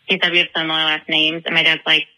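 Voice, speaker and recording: In a rambling voicemail, a young Chicago-area woman tells a story and giggles frequently. Her voice sits low and sounds monotone and sharp, she speaks fast, and the audio quality is poor.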